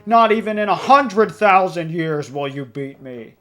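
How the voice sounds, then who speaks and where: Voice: mid-range voice, lively intonation, measured pace, faint music behind. A game streamer voicing a boastful male monster king taunting the hero. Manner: loud, taunting.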